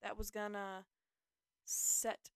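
Rambling young woman podcaster, smooth voice. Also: mid-range voice, monotone, slow pace, no room sound. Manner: rambling, self-deprecating, filler-heavy. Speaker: podcast host. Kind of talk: casual solo podcast talk.

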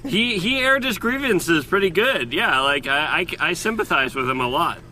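A man's voice: fairly high pitch, animated, moderate pace, bright, forceful tone, slight background noise. A man co-hosting a podcast, joking and teasing in casual banter. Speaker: podcast co-host. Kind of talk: casual chat.

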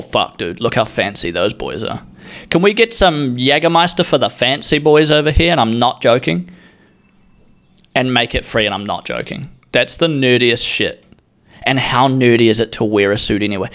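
A man's voice: medium pitch, fairly bright tone. A young man with a New Zealand accent, telling a rambling, sweary and self-mocking comic story as a podcast host.

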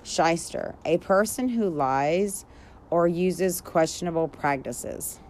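A woman's voice: fairly low pitch, animated, slow, a little mellow, slight background noise. A woman co-hosting a casual chat podcast, giggly and playful as she reads slang definitions aloud. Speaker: podcast co-host.

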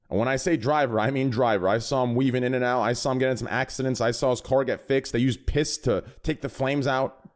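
A man's voice: mid-range voice, fairly even intonation, normal speed. A man hosting a casual podcast, introducing guests with rambling jokes. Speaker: podcast host.

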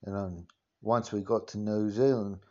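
A man's voice: fairly low pitch, fairly even intonation, a little slow, dark tone, lo-fi sound, lightly acted. A man hamming up a sweary cockney geezer. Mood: swaggering. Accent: Cockney, put on. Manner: rambling, sweary, full of filler phrases. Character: swaggering male cockney geezer, crude. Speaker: podcast host. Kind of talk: comic impression monologue.

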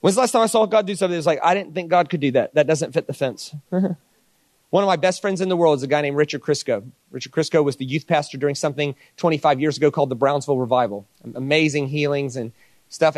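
Male preacher, sermon delivery, fairly high voice, dry close sound. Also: dry recording. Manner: animated storytelling with mock voices. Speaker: pastor.

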